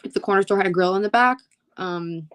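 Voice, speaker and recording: A woman from Philadelphia chatting casually on a podcast, relaxed and laughing often. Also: mid-range voice, fast talker, clear, resonant tone. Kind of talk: casual chat.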